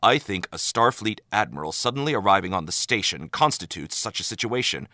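A nervous male station engineer, voiced by a male narrator, talking in a rush and stumbling over himself. Bright, lively voice, close and dry. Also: on the low side, fairly quick, no echo. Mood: flustered.

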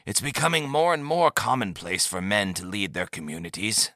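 A man voicing a calm, pleasant old male community leader who speaks softly and drily in a story reading. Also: lowish voice, normal speed, no room sound, studio quality.

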